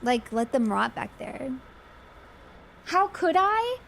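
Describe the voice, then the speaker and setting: A woman streamer giving excitable commentary, talking to herself and her chat while playing a game. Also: sits high, slow pace, gravelly, slight background noise.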